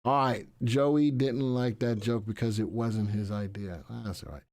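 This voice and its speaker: A man's voice: lowish voice, measured pace, a little mellow. A man hosting a live stock market stream, chatting casually, joking and rambling with asides to his crew.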